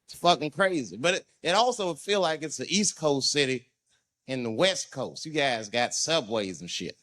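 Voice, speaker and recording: A man doing stand-up, telling a profane story in a high voice that swings up and down. His tone is bright and sharp, and he acts out everyone's voices as he goes. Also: moderate pace. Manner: animated storytelling, acting out people's voices; profane and conversational. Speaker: stand-up comedian. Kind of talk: stand-up comedy routine.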